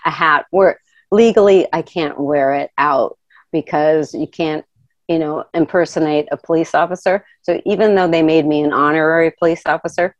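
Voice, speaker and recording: Animated middle-aged woman telling a story. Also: low voice, moderate pace, dry recording, muffled recording. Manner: animated, laughs often, acts out quoted voices. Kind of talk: personal storytelling.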